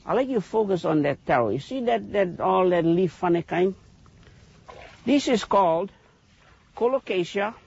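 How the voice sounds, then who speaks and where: A man's voice: high-pitched, normal speed, gravelly, long pauses, breathy edge, dull audio. A man with a Hawaiian Pidgin accent, a taro farmer explaining his fields on a farm tour in a folksy way, tagging "yeah?" onto his points. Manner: animated, folksy, lots of "yeah?" tags.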